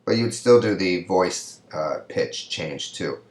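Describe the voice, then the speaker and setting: A deep-voiced man gives a recorded Spanish lesson. He speaks slowly and carefully, and stretches out his example sentences to show the rise in pitch. The echo of the room is clear behind his voice. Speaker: Spanish lecturer. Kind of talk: recorded video lecture. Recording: echoey room.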